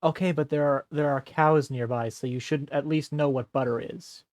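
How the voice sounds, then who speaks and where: A man streaming a role-play, talking in a dry, teasing, deadpan way. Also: on the high side, moderate pace, no echo.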